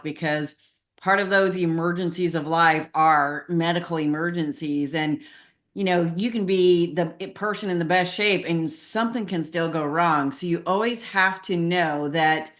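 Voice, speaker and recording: A middle-aged woman speaks as an interview guest in a relaxed, conversational way. Her voice sits a little low for a woman. She tells her story frankly and brings it to life by acting out what people said. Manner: candid, animated storyteller who acts out voices in quotes. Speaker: podcast guest, marketing consultant. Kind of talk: casual interview chat.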